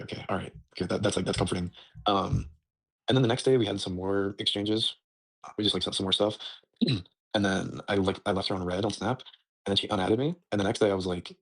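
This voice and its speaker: Fast, husky young man rambling. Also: low voice, fairly even intonation. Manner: rambling with many likes, nervous laughs. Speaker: voice recording clip. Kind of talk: casual retelling.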